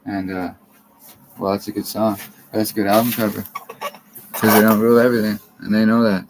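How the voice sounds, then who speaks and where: A man's voice: on the low side, flat delivery, fairly quick, background noise. A man from Canada rambling profanely to camera, jumping from topic to topic.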